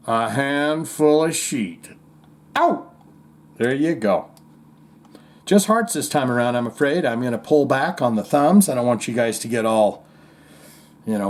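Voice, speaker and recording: A man hosting a casual comedy podcast, reading listener comments and jokes aloud with playful asides. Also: medium pitch. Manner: animated, jokey, puts on voices when reading comments.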